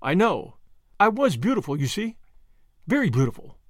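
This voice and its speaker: Hoarse, frightened older woman schemer in a storybook reading, read by a man; low, dangerous edge; dry, close sound. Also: big pitch swings, normal speed, no echo. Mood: brooding.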